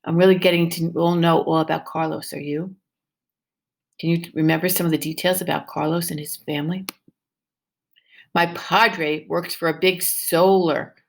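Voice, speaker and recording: With a low, gravelly voice and a moderate pace, a woman who teaches first grade reads a picture book aloud to young kids. Her manner is animated and encouraging, and she draws them in with exaggerated questions.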